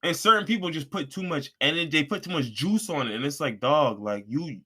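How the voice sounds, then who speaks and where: A young man co-hosting a podcast, talking in a casual, slangy and animated way, often slipping into mimicked voices. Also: fairly high pitch, a little fast, husky. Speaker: podcast co-host. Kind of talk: casual chat.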